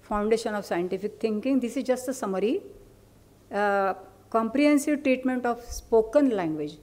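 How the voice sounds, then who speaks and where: A woman lecturer with an Indian English accent and a Marathi mother tongue, teaching in a soft, mellow voice. She explains patiently, pausing to ask her listeners questions. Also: a little high, animated. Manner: explanatory, with asides and questions to the audience. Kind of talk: academic lecture.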